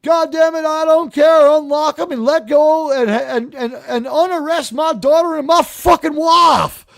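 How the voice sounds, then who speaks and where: A man voicing a furious middle-aged oilman who yells and swears into the phone. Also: very high-pitched, a little slow, vocal fry, dry recording, studio quality, voice pushed up, exaggerated voice. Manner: yelling, profane.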